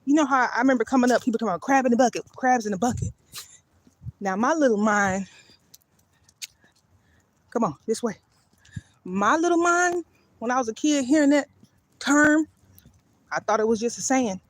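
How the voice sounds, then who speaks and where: A woman's voice: a little high, normal speed, long pauses, no echo. Chatty woman walking outdoors at night. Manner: chatty and loose, breaks off to call her dog; talks while walking. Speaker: vlogger on a live stream. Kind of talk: casual rambling talk. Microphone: phone held by hand.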